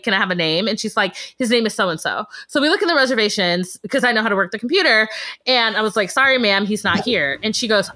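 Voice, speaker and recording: Bright woman, animated and swearing a lot while she tells a story, voice jumps all over. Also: medium pitch. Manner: animated, profane, quick storytelling with character quotes. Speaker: podcast co-host. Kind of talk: casual storytelling chat.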